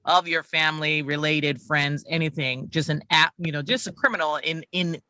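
A podcast guest in casual chat who talks emphatically and bluntly, swearing freely and acting out quick bits of dialogue. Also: mid-range voice, pushed and bright, no room sound. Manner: fast bursts, acts out quick mock dialogue.

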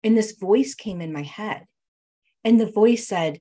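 A woman's voice: medium pitch, lively intonation, a little slow, mellow. A woman being interviewed, candidly recounting a hard personal story with emotion and frequent restarts. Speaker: interview guest.

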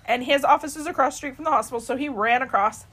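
A woman's voice: high-pitched, quick pace, slight background noise. A woman co-hosting a podcast, casually telling her grown daughter a family story and acting out the people in it. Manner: lively storyteller who acts out quoted people. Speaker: podcast co-host.

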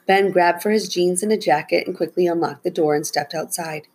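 A woman with a low, slightly husky voice reads a children's storybook aloud. Her narration is steady and plain, meant for young listeners. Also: fairly quick, poor audio. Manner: raises her pitch for the children's lines, soft and low on tags.

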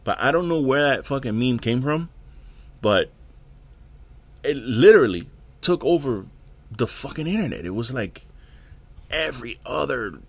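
A man's voice: mid-range voice, animated, measured pace, long pauses, no room sound. A man hosting his own podcast, ranting alone in a profane, exasperated way and often repeating words. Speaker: podcast host. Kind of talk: casual solo rant.

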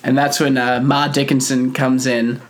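A man's voice: medium pitch, little pitch movement, normal speed, slight background noise. A man hosting a podcast, recapping a show in casual chat, laughing often and acting out lines from the episode. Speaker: podcast host.

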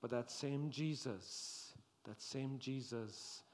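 A man preaching a sermon, slow and dramatic, rising to loud exclamations and dropping to hushed tones. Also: mid-range voice.

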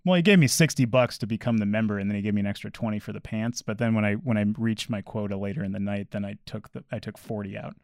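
Fast-talking man telling a rambling story. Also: on the low side, darkish tone, no echo, clean studio sound. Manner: rambling anecdote with lots of "like" and laughs. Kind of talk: casual chat.

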